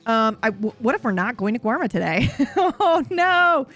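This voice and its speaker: A woman's voice: a little high, big pitch swings, moderate pace, a bit bright, faint music behind. A woman streamer recapping a roleplay story in a chatty, profane way, often interrupting herself.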